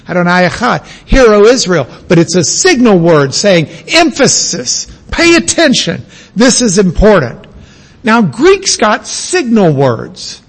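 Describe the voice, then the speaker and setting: Teaching a congregation at an easy pace, this pastor breaks into loud shouted exclamations for emphasis. His voice sits high, and the recording is rough.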